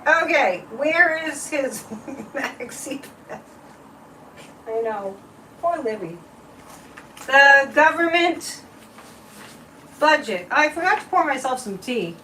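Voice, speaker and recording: Woman, casual livestream host, higher voice, chatty and teasing; distant mic. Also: lively intonation, takes it slowly, long pauses, sharp tone, a little hiss or hum. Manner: chatty, repetitive, mocking, with frequent laughs.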